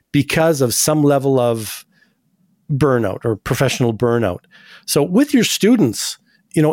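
A man's voice: medium pitch, a little mellow, no room sound, clean studio sound. A man hosting a radio show, chatty and anecdotal, with frequent asides. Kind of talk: casual radio talk.

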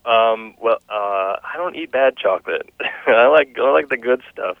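A man being interviewed as a guest about his children's books, relaxed and chuckling as he talks. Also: medium pitch, a little slow, gravelly, no room sound. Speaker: guest, children's book author and illustrator. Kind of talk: casual interview chat. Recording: dry, dull lo-fi sound.

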